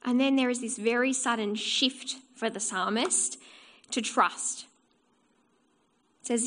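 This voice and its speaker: A woman with a fairly high voice preaches a sermon in a church. Her delivery is earnest and explanatory. She often asks a rhetorical question and then answers it herself. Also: takes it slowly, pauses often, fairly bright tone.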